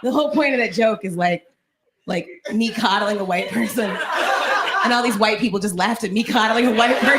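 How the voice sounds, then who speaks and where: A woman's voice: mid-range voice, brisk. A woman from Texas doing a stand-up comedy set, telling stories and acting out scenes. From Arlington, Texas. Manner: animated, storytelling, acting out scenes. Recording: loud background noise.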